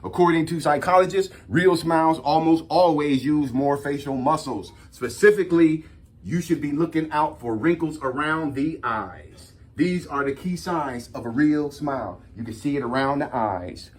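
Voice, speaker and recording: A young man with a slightly high voice hosts a casual talk, reading a list of signs aloud. He breaks into lively, slangy asides, calling his listeners "y'all" and telling stories from his own life. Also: moderate pace. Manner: animated storytelling, slangy, addresses audience as y'all. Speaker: host.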